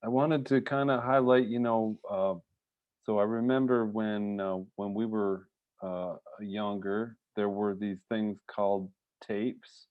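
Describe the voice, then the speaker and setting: Male host, low-pitched, tinny phone-quality line, eager and chatty with false starts. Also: steady tone, takes it slowly, smooth. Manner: enthusiastic, laughs easily, restarts his sentences. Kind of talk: casual interview chat.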